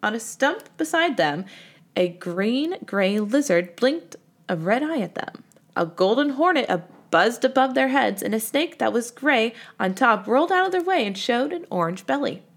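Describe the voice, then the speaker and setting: Expressive woman reading a storybook. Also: fairly high pitch, normal speed. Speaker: reader. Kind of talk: storybook read-aloud.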